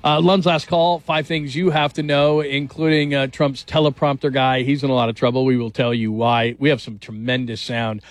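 A man hosting a sports talk radio show, energetic and rambling. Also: mid-range voice, normal speed, hardly any pauses, dry recording.

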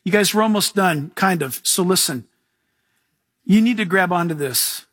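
Husky, bright-voiced preaching man. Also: high voice, moderate pace, no echo, clean studio sound. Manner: storytelling, jokes and chuckles; mimics other people in lively asides. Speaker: pastor. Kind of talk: sermon.

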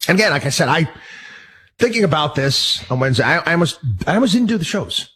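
A man hosting a talk show, talking in a husky, breathy voice. His monologue is indignant and worked up, and it rambles along with frequent restarts and repeated words. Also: on the high side, animated, fast talker, a bit bright. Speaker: radio talk show host. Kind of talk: casual monologue.

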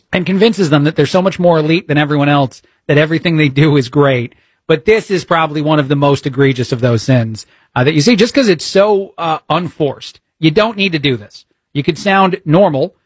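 A man's voice: on the high side, husky, no room sound, clean studio sound. A man filling in as a talk show host, giving blunt opinionated commentary peppered with "uh" fillers. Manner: frequent "uh" fillers, exasperated and blunt.

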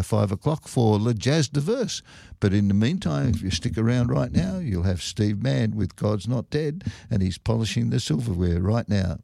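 A man hosting a Sunday morning community radio show, signing off in relaxed, stumbling chatter. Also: on the low side, vocal fry, no room sound, studio quality. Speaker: radio host.

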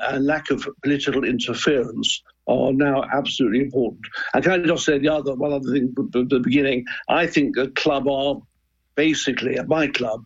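A man's voice: medium pitch, husky, muffled recording. An older man, a former club chairman, talking as a guest on a radio discussion in an earnest, hesitant way, often repeating words.

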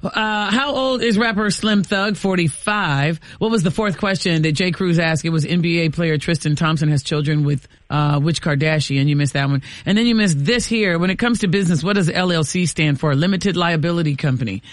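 A woman's voice: on the low side, a little fast, hardly any pauses, no echo. A woman hosting a morning radio show, chatting with co-hosts and running a quiz game with a bubbly, teasing manner.

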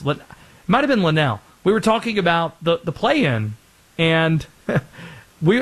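A man hosting sports talk radio, telling opinionated stories with animation. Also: a little high.

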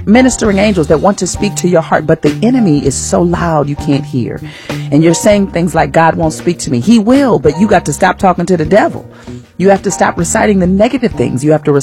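A woman radio host giving an encouraging faith talk in a warm, colloquial, preachy way. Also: on the low side.

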